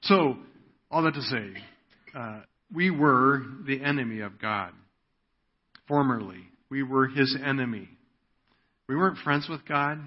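A man's voice: mid-range voice, lively intonation, measured pace, long pauses. A man preaching a sermon in an earnest way, often checking in with "right?". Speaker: pastor. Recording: dull lo-fi audio.

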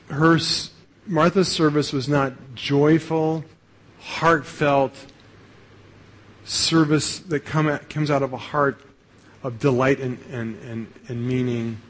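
This sermon comes from a man with a mid-range voice who takes it slowly and pauses often, preaching conversationally with repeated starts and frequent "right?" tags. The recording is rough.

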